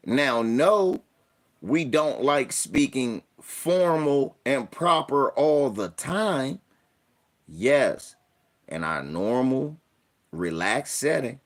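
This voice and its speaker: A young man hosting a casual livestream, telling stories with animated delivery and mock voices. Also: medium pitch, very slow. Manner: animated storytelling, puts on voices and mock formal talk. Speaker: streamer host.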